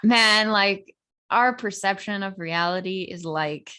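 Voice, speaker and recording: A woman's voice: medium pitch, slow pace, pushed and bright, clean tone. A woman hosting a podcast, asking curious questions in a casual way, full of "like" fillers. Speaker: podcast host. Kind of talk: casual interviewing.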